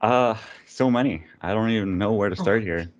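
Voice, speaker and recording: A man's voice: fairly low pitch, normal speed, slight background noise. A man co-hosting a podcast, asking easygoing, rambling questions. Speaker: podcast co-host. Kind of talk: casual podcast chat.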